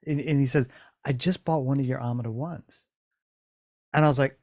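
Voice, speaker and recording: A man's voice: mid-range voice, fast talker, dry recording, clean studio sound. A man hosting a casual chat, telling a rambling story full of restarts and swearing, acting out his own thoughts in quotes. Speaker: podcast host.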